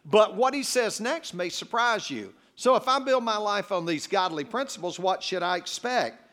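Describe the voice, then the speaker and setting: Guest preacher, male, fairly high voice that swings widely, humorous storyteller. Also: lively intonation, moderate pace, a bit bright. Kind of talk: sermon with personal storytelling.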